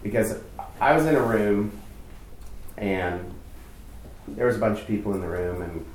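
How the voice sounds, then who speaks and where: A man's voice: lowish voice, measured pace, slight background noise. Man preaching in an echoey room. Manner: candid, self-mocking, chatty. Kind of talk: storytelling sermon. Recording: echoey room, distant mic.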